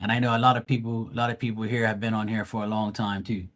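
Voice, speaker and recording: A man's voice: lowish voice, flat delivery, fast, fairly bright tone. A man who reads tarot live, chatting casually with his viewers in a blunt, profane, slangy and rambling way. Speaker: live tarot reader and streamer. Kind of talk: casual livestream chat.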